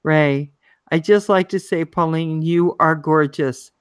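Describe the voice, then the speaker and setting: A woman's voice: sits low, slow pace, smooth, dry recording. A woman livestream host with a Maryland accent, chatting casually, reading viewer comments and greeting people by name.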